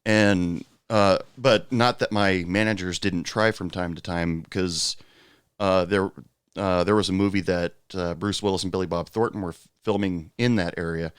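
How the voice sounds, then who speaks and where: A man's voice: low voice, steady tone, moderate pace, clean tone, no room sound, studio quality. A man hosting a podcast, chatting casually and swapping bar stories in a laid-back way. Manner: laid-back, lots of fillers, laughs along. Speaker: podcast host, former bartender.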